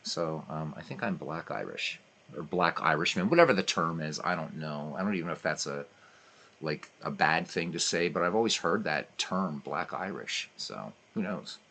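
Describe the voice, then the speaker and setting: Animated man with a bright voice. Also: very deep voice, moderate pace. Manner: animated, rambling storyteller. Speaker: streamer. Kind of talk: casual chat while playing.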